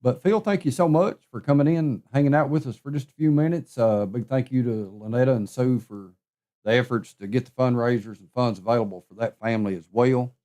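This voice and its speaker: A man's voice: mid-range voice, brisk, warm tone. A man hosting a local radio trading show, chatting in an easygoing, folksy way with his studio guest. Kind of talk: casual radio chat.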